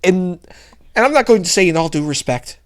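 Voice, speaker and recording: A man's voice: high voice, lively intonation, fairly quick. A male commentary host ranting in a sarcastic, heated, mocking way.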